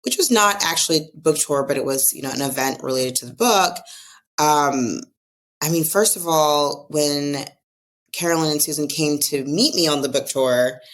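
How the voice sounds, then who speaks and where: American woman, lower voice, lively storytelling, casual podcast chat. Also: normal speed. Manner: animated storytelling, acts out quoted voices. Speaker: guest author.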